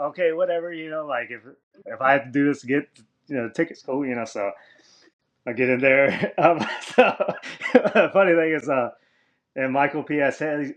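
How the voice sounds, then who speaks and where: A man, a former wrestler, telling a long story as a podcast guest, with lots of fillers, and he jumps high and loud when he quotes other people. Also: normal speed, muffled recording. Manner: rambling, filler-heavy, acts out quoted voices high and loud. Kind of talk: casual storytelling interview.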